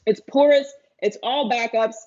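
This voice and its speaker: A woman co-hosting a sports podcast, talking in a lively, opinionated way. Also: on the high side, normal speed, highs cut off. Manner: animated, opinionated. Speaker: podcast co-host. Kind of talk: casual sports talk.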